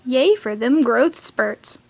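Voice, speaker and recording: A teenage girl recapping a cartoon episode at home in a chatty, excitable rant, dropping now and then into whispered asides. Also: high voice, slow pace, breathy edge. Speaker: fan reviewing a cartoon episode.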